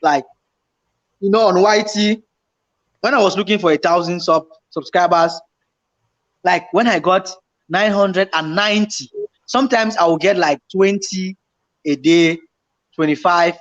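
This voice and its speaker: A man telling a story in casual chat, animated and repetitive as he acts out his own panicked remarks. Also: high-pitched, a little slow, pauses often. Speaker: YouTuber co-host. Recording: slightly dull lo-fi home recording.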